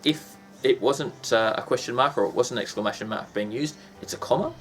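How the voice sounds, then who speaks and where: A man's voice: mid-range voice, fairly quick, fairly bright tone. A man teaching a casual lesson, chatty and full of ums and restarts, breaking into sound effects.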